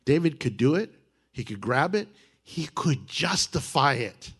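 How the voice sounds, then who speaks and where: A male pastor preaching a sermon in an animated, joking way, with playful sound effects. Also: mid-range voice, measured pace, husky.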